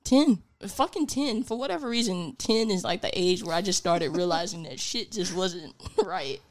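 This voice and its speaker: A young woman in casual podcast chat, telling stories in an animated, giggly way. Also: on the low side, normal speed.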